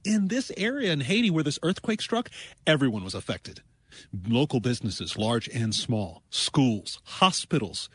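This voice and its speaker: A man's voice: mid-range voice, very animated, measured pace, breathy edge, dry recording. A man representing a charity on a radio show, making an urgent, emphatic fundraising appeal and thanking callers.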